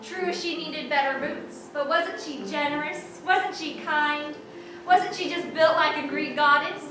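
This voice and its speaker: A woman's voice: high voice, fairly even intonation, measured pace. A young woman acting the lead in a school stage play, talking theatrically. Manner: theatrical, exclaiming. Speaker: student actor playing Kate. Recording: echoey hall, far from mic, noisy.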